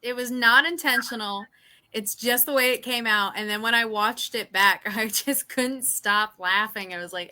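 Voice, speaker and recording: Woman, bright sharp tone, slightly high voice, chatty, giggly, panel guest. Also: moderate pace. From Indiana. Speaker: guest, actress. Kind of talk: casual panel chat.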